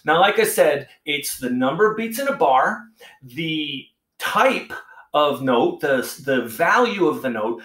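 A man's voice: medium pitch, fairly bright tone. A male music teacher explaining a lesson patiently and counting beats aloud. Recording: echoey room.

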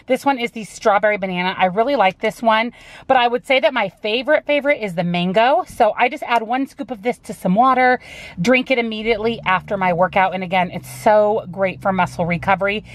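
A woman's voice: medium pitch, brisk. A woman narrating a casual daily vlog to her camera, upbeat and chatty, filming from her car and her office. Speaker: vlogger. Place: car in a parking lot and an office.

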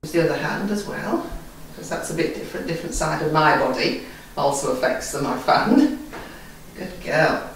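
A woman softly praising and coaxing a horse while training it. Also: low voice, animated, normal speed. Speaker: horse owner in a training clip. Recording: very echoey, distant, faint noise.

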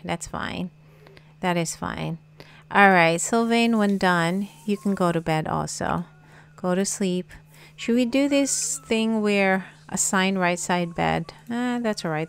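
A woman narrating her game in a relaxed, unhurried way, her voice carrying a gravelly fry. She chats to viewers casually, cooing over cute moments and laughing often. Her pitch sits in a middle range. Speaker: gaming YouTuber. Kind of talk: casual let's-play commentary.

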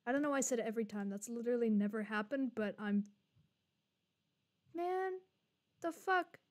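A woman's voice: on the high side, moderate pace. A young woman streaming a game live, chatting and swearing casually to her viewers as she plays. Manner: swearing, chatty, joking to chat.

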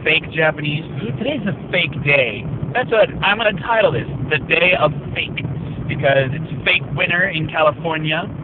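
A man's voice: on the high side, slight background noise. A man talking casually to his viewers while driving, rambling and joking at his own expense, his voice a little worn. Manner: rambling, self-mocking, jokey asides. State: slightly worn voice. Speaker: vlogger. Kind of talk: casual vlog monologue. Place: inside a car while driving. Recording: tinny phone-like car recording.

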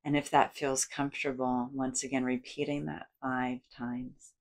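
A woman's voice: rumbling low, flat delivery, moderate pace. A woman psychologist giving a guided psychoeducation lesson, acting out inner thoughts with big, playful inflections. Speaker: psychologist and educator.

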